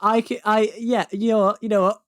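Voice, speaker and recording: A man co-hosting a podcast, joking and teasing in lively casual chat. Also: high-pitched, a little fast, clean tone, no echo, clean studio sound. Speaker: podcast co-host.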